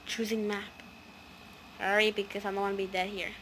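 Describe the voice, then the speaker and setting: A woman giving casual, excitable let's-play commentary as she plays, chatty and prone to gasps and squeals. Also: mid-range voice, fairly quick, a little hiss or hum. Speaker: gaming video host.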